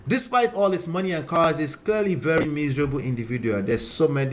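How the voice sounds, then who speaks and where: A man's voice: a little high, quick pace, noisy background. A man who hosts a relationship-coaching live stream. He talks bluntly and lectures, reading out viewer comments and speaking straight to the men watching.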